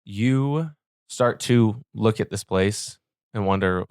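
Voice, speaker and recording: A man narrating a tabletop game as game master with slow, descriptive scene-setting. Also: lowish voice, darkish tone, clear, resonant tone, no room sound, clean studio sound.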